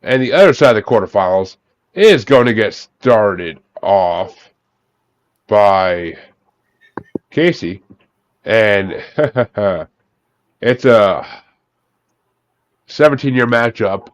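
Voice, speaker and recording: A man's voice: fairly low pitch, expressive, takes it slowly, pauses often, no echo, dull audio. A man hosting a casual music podcast, swearing freely as he calls on each guest by name over an online call. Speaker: podcast host. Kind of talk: casual bracket chat with guests.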